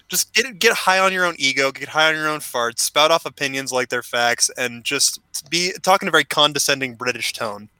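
A man's voice: on the high side, moderate pace, sharp tone, clean tone, no room sound, low-quality recording. A man who is a podcast guest, talking in a rambling, self-deprecating way with lots of fillers. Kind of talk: casual podcast chat.

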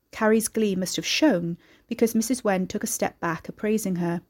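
A woman reading a story aloud as narrator, in a steady, measured storytelling manner. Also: medium pitch. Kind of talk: scripted narration.

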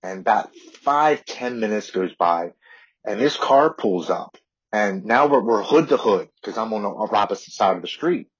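A man's voice: lowish voice, lively intonation, normal speed, breathy edge. A man in his forties, a podcast guest, earnestly telling a personal recovery story and often repeating words. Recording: dull lo-fi audio.

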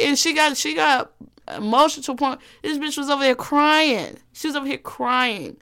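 A woman's voice: sits high, moderate pace, vocal fry. A young woman hosting a solo podcast, telling a story in a blunt, profane, emphatic way. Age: young adult. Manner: animated storytelling. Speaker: podcast host. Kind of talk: casual solo podcast monologue.

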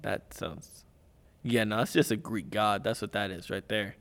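A man's voice: on the low side, normal speed, gravelly, a bit bright. A young man co-hosting a podcast in casual chat, joking and laughing often, telling stories with animation. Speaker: podcast co-host.

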